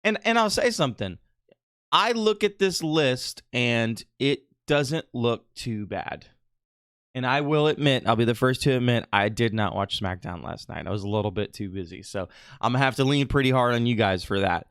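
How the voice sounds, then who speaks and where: A man's voice: medium pitch, lively intonation, moderate pace, fairly bright tone, smooth, dry recording, studio quality. A man co-hosting a casual wrestling podcast, opinionated and ranting. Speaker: podcast co-host.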